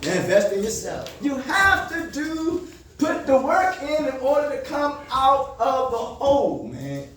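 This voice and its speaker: The man's very high, sing-song voice moves at a measured pace with a bit of brightness, over a slight hiss or hum. He's counseling a group, motivational and call-and-response, asking leading questions for them to complete and regularly raising his voice; it's recorded in an echoey room far from the mic.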